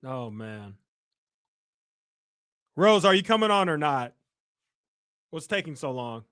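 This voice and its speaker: A man's voice: on the high side, big pitch swings, slow, fairly bright tone, smooth, dry recording, studio quality. A man from the United States hosting a casual livestream, reading the chat aloud and teasing and mocking a viewer. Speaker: livestream host.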